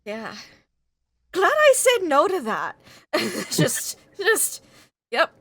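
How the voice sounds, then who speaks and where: A woman's voice: sits high, huge pitch swings, extremely slow, fairly bright tone, no echo, clean studio sound. A woman player in a tabletop game, chatting casually with a joking drawl. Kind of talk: casual chat.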